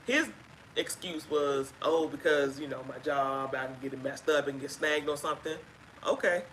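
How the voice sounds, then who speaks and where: A woman casually telling a personal story on a live stream, chatty and halting with fillers, acting out what others said. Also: sits low, fairly bright tone, a little hiss or hum, rough recording. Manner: chatty, halting with fillers, acts out quoted speech. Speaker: guest sharing her story.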